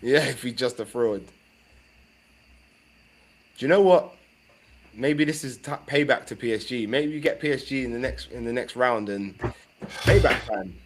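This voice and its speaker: A man's voice: mid-range voice, normal speed, long pauses. Chatty man hosting a fan stream. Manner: relaxed, chatty, talks to viewers. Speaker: co-host of a football fan livestream. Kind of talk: casual live chat.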